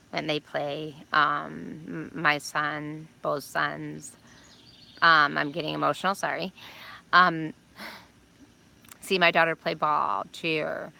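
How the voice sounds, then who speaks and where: A woman's voice: low voice, gravelly, bright, forceful tone. An older woman talking outdoors, giving a casual, encouraging weekly astrology message with rambling fillers. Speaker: astrology vlogger.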